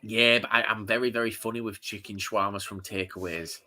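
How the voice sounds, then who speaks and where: Man, co-host, casual watchalong banter, jokey, bright forceful tone. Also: fairly low pitch, fairly even intonation, fairly quick, slight background noise. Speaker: podcast co-host. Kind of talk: casual football watchalong chat.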